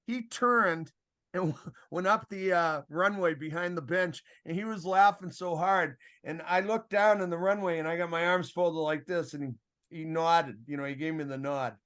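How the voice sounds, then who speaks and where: Older man telling animated hockey stories. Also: a little high, normal speed, smooth. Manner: animated storyteller, acts out quoted exchanges, chuckles often. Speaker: podcast guest, former referee. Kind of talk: casual storytelling chat.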